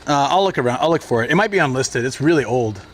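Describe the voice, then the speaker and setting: Strolling city streets with traffic humming around him, a man livestreams in a medium-pitched voice, talking fast with lively intonation. His casual chat wanders through stories thick with fillers.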